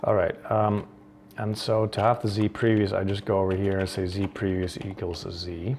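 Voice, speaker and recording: A man's voice: deep voice, level tone, normal speed, darkish tone, a little hiss or hum. A man from the Netherlands hosting a coding tutorial, thinking aloud with many ums and restarts. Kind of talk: screen-recorded coding tutorial.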